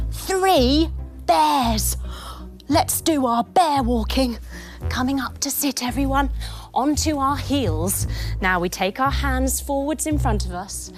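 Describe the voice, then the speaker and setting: Animated, sing-song woman leading kids' yoga. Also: sits high, slow, faint music behind. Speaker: kids yoga instructor. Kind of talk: storytelling yoga lesson for children.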